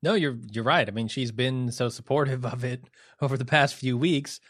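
A man's voice: mid-range voice, moderate pace, no room sound. A man from the Midwest talks through a TV episode with a co-host in an easygoing, profane way, often laughing. His voice sits in a middle register and the sound is dry and close, with no room around it. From American Midwest. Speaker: podcast co-host. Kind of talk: casual TV recap chat.

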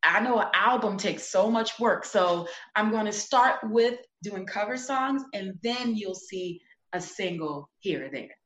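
A woman telling stories in a casual interview, animated and often laughing. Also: mid-range voice, a little slow, roomy sound. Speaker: interview guest, former wrestler. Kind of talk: casual storytelling.

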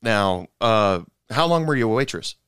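A man's voice: fairly low pitch, lively intonation, moderate pace, a bit bright, clean tone, no echo, clean studio sound. A man co-hosting a podcast, telling stories in casual chat with many fillers and restarts. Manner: rambling, many fillers and restarts, laughs often. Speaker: podcast co-host, former server.

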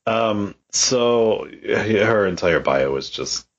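Casting: low husky-voiced male podcast co-host, blunt and profane, slightly dull lo-fi sound. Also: expressive, takes it slowly. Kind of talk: casual podcast chat.

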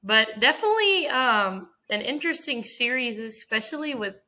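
Chatty bright-voiced woman podcast co-host. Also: on the high side, sing-song, moderate pace. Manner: chatty, agreeable, storytelling with "like". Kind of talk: casual sports chat.

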